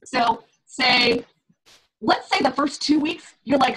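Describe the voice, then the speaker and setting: A woman's voice: sits high, takes it slowly, fairly bright tone, husky, rough recording. A middle-aged woman fitness coach on a group call, talking in a chatty way, laughing often and acting out her clients' reactions.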